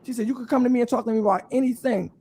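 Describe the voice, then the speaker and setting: A man's voice: extremely high pitch, a little hiss or hum. A man on a live online panel telling a long, profane story and acting out the other voices in it. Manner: animated, profane, fast storytelling that acts out quoted voices.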